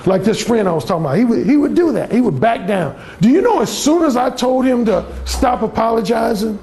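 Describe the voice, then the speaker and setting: Lively, gravelly-voiced man lecturing bluntly. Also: very high-pitched, fairly quick. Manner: blunt, profane, acts out other voices. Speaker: dating coach giving a talk. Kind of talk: live seminar storytelling to a room.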